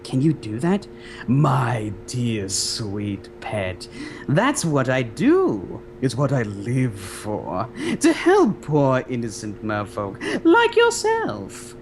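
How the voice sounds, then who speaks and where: A man voicing a scheming female sea witch villain, in a lowered tone with slow, theatrical, drawn-out delivery. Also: huge pitch swings, a little hiss or hum, heavily acted. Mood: coaxing. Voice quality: lowered, put-on tone.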